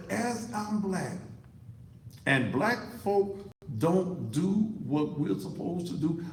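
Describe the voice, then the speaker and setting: A man's voice: on the high side, echoey room, slight background noise, poor audio. A man delivering a fiery, preachy commentary monologue to camera as an online talk show host, repeating himself for emphasis. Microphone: computer setup facing a monitor.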